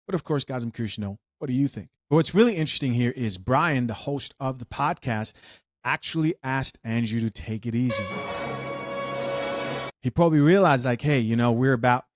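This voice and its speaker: A man's voice: mid-range voice, animated, fairly quick, faint music behind. A man hosting a reaction show who talks viewers through clips in a conversational way. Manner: conversational, addresses viewers directly. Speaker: commentary host.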